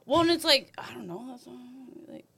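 A woman's voice: high voice, lively intonation, brisk, gravelly, a bit bright, husky. A young woman, a podcast guest, chatting casually in a candid, profane way and laughing often. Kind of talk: casual chat.

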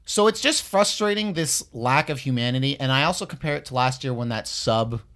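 Canadian guy ranting on a podcast, blunt and sweary, mid pitch, leans hard on his points. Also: expressive, a little fast, a bit bright. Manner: blunt, profane, emphatic. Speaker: podcast co-host. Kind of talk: casual podcast rant.

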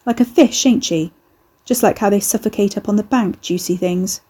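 Woman narrator doing a crude, sardonic young man who works curses, husky and mellow. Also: medium pitch, normal speed, natural voice. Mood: mocking. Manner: mocking, offhand and crude.

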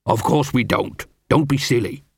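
A man reading an audiobook, voicing a blunt, literal-minded male dwarf recruit who speaks flatly and matter-of-factly. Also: medium pitch, moderate pace, husky, no echo, clean studio sound. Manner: flat, matter-of-fact, unimpressed.

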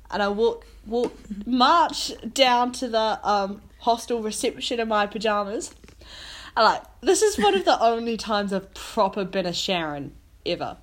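A woman's voice: mid-range voice, animated, moderate pace. A young woman co-hosting a podcast, telling a travel story in casual chat, acting out her own lines with lots of "like". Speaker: podcast co-host.

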